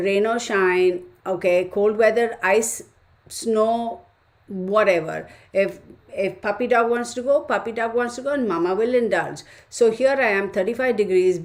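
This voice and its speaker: A woman's voice: mid-range voice, darkish tone. A woman hosting a casual livestream, chatting, reading viewer comments aloud and laughing often. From United States. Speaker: tarot channel host.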